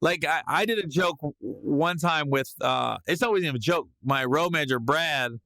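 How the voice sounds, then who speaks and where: A man hosting a podcast, telling a comedic story in a lively way and breaking into loud yelled reenactments. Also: a little high, moderate pace, gravelly, no room sound. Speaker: podcast host.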